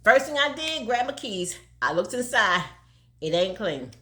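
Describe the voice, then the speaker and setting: Older woman, animated storyteller, swooping pitch, country drawl. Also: a little slow. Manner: animated, laughing often, country dialect. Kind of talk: casual storytelling.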